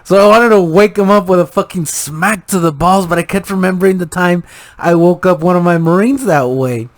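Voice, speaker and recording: A young man co-hosting a podcast, telling swear-filled stories in casual, animated chat. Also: high-pitched, brisk, no room sound. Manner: profane, animated storyteller. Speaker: podcast co-host.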